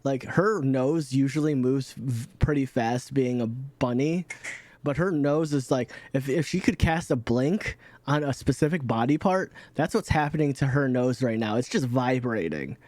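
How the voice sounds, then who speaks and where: A man running a tabletop game, rambling through the scene with frequent restarts. His voice sits at a middling pitch. The recording is dry and close. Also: expressive, moderate pace, darkish tone, no echo. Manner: rambling, many fillers and restarts. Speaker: game master.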